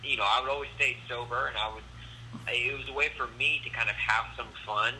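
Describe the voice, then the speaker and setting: A man's voice: mid-range voice, fairly quick, background noise. A man, a guest comedian, telling a story in a casual podcast chat and acting out the voices. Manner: animated, acts out the voices in his stories.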